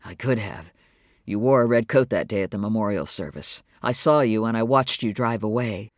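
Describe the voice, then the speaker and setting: A narrator voicing a middle-aged man who is grieving, with a rough, subdued, heavy delivery. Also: normal speed, dry recording, clean studio sound, natural voice. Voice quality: rough, low.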